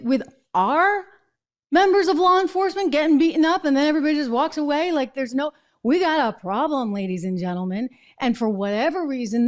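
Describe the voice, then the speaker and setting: A woman from New Hampshire delivers a political commentary monologue, indignant and animated. She keeps firing rhetorical questions at her audience. Her voice sits fairly high. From New Hampshire, USA. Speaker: commentary show host.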